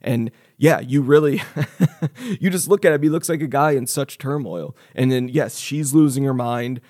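A man co-hosting a casual podcast about a film, talking in an animated way and laughing as he retells stories. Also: medium pitch, normal speed. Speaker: podcast co-host.

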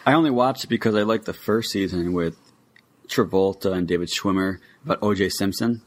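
A young man co-hosts a casual podcast. He talks with eager, opinionated enthusiasm. His voice sits on the lower side. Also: a little fast. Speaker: podcast co-host.

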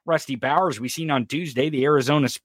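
A man's voice: a little high, quick pace, a bit bright, dry recording, clean studio sound. A man co-hosting a political commentary podcast, talking in an impassioned, profane rant with sarcastic jabs. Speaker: podcast co-host.

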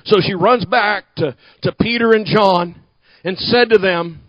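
A man preaching a sermon to a congregation, talking back and forth with them and building to shouted emphasis. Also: high voice, unhurried, no room sound, poor audio. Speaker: pastor.

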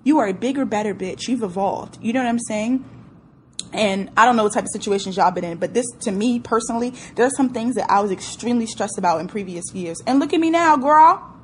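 A woman's voice: mid-range voice, fast talker, a little mellow, slight background noise. A young woman talking casually to her listeners, candid and brash, swearing freely and reacting with emotion. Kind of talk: casual solo talk to listeners.

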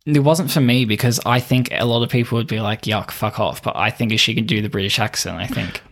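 A male co-host chatting about films on a podcast. He teases his friend, mimics lines from scenes, and talks in an easy, mid-pitched voice. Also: steady tone, fast talker, vocal fry, a bit bright. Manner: playful, teasing, acts out quotes. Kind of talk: casual film podcast chat.

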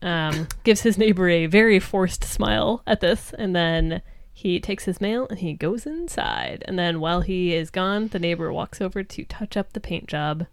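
A woman podcast host tells the story of an episode in loose, chatty talk, often breaking into laughter. Her voice sits low and sounds smooth and clean. The recording is close and dry, with no room sound. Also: moderate pace, no room sound. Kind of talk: casual recap chat.

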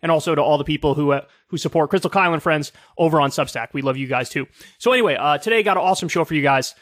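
A man's voice: on the high side, very fast, a bit bright, no room sound, clean studio sound. A man in his thirties from the United States hosting a solo political commentary show in a casual, sarcastic, profane way with many fillers.

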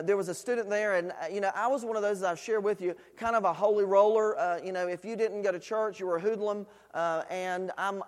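High-voiced preacher in an echoing hall. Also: male voice. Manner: conversational preaching with frequent fillers, rising to emphatic questions. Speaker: pastor. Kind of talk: sermon. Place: church sanctuary.

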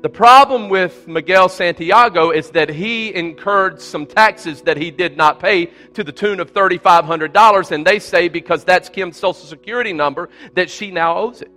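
A male pastor preaches in a high, bright, forceful voice, driving home his points with repeated phrases. He climbs even higher and louder when he voices the pleas of struggling people. Soft music plays faintly underneath. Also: normal speed, few pauses. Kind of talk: sermon. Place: church sanctuary.

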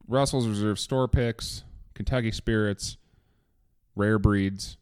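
Guy hosting a whiskey podcast, kinda low voice, hyped and joking around. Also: fairly even intonation, takes it slowly, a little mellow, clear, resonant tone. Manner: enthusiastic, joking, swears freely. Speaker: podcast host. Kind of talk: casual whiskey tasting chat.

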